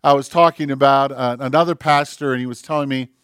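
A man preaching a sermon as pastor, impassioned, swinging from loud emphasis down to near-whispers. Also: mid-range voice, fairly even intonation, fast talker, smooth, dry recording, clean studio sound.

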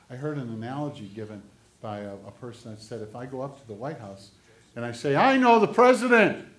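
A man preaching a sermon as pastor, swinging between loud, urgent exhortation and quiet, low asides. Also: echoey room.

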